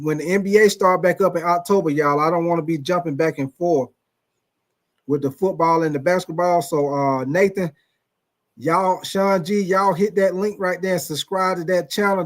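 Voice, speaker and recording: A man's voice: on the high side, steady tone, normal speed. A man hosting a sports livestream, telling loose, profane stories and calling out viewers by name. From Atlanta, USA. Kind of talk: casual live-stream chat.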